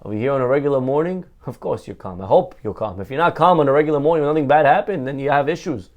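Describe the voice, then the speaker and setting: Animated rabbi man giving a sermon. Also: medium pitch, very fast, highs cut off. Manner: animated, asks and answers rhetorical questions; repeats phrases for emphasis. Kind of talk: Torah lesson sermon.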